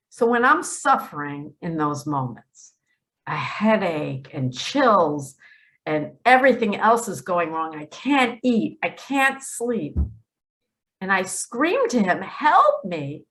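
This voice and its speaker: Middle-aged lady, earnest spiritual talk, slow and drawn out, pitch swings all over. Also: sing-song. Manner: emphatic, pleading, slow and drawn out, drops to a hush for quoted words. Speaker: spiritual video host. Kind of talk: earnest direct-to-camera monologue.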